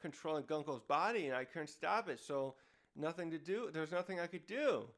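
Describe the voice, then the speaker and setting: A man's voice: fairly high pitch, animated, normal speed, fairly bright tone. A man voicing a sadistic male villain, in a mocking, relishing way. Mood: gloating.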